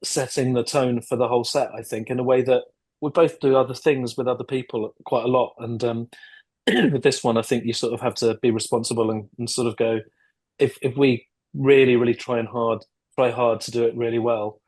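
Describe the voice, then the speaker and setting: A man's voice: medium pitch, steady tone, fairly quick, a little mellow. Hesitant, thoughtful man on a video call. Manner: thoughtful, hesitant, with many restarts and throat clearing. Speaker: guest filmmaker and actor. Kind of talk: casual interview chat.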